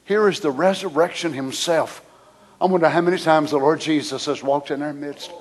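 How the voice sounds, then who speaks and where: A man preaching a sermon, swinging from shouts to whispers. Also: fairly high pitch, normal speed.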